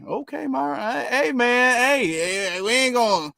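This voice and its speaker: A man hosting reaction commentary, his voice pitched high and his tone sarcastic and mocking. The sound is dry and close, with no room echo. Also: measured pace, creaky, bright, forceful tone. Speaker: commentary channel host.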